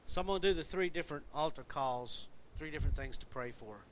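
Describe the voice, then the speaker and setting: A man preaches a relaxed, folksy sermon in a church, teasing members of his congregation by name. His voice sits a little high. A faint low rumble runs under the recording. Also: fast talker. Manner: folksy, joking, chatty with congregation. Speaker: pastor. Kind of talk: casual sermon.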